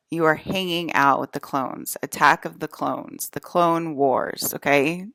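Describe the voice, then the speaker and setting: A woman's voice: low voice, moderate pace, few pauses, a bit bright, no echo. A woman from New Jersey giving a rambling solo rant to camera, profane, emphatic and repetitive. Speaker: vlogger.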